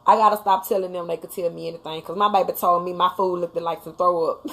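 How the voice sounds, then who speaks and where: A woman's voice: mid-range voice, fairly quick. A mother hosting a casual live talk, speaking emphatically and bluntly to her viewers, now and then swearing. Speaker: livestream host talking to viewers.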